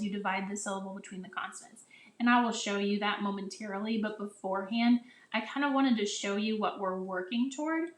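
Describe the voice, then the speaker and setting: A woman teacher explaining phonics to other teachers in a casual, chatty way, often restarting sentences and sounding out vowels the way she would for children. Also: mid-range voice. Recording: echoey room.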